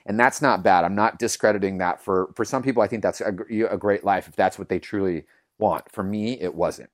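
A man, a yoga teacher, telling his own story in conversation, earnest and animated, acting out the voices he quotes and leaning on lots of fillers. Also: lowish voice, fast, no echo, clean studio sound.

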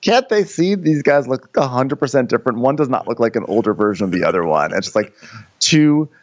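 A man co-hosting a podcast, chatting casually in a rambling, halting way with many restarts while recapping a TV episode. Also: medium pitch, expressive, muffled recording. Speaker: podcast co-host. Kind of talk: casual comedic recap chat.

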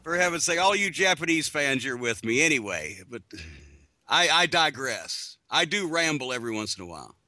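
A man's voice: on the high side, big pitch swings, normal speed, bright, forceful tone, dry recording. A man on a podcast as a guest, telling rambling sarcastic stories over a video call. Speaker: podcast guest, wrestling personality. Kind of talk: casual podcast interview.

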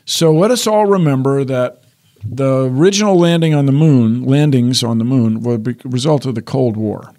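A man's voice: mid-range voice, normal speed, warm tone. An older man explaining science in a casual chat, wry and explanatory, often restarting sentences. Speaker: science guest.

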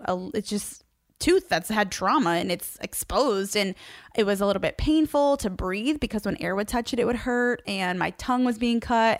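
A woman's voice: mid-range voice, dry recording. Chatty young woman, dry close sound. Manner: chatty, animated, laughs often while telling. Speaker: social media creator. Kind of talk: casual storytelling to camera.

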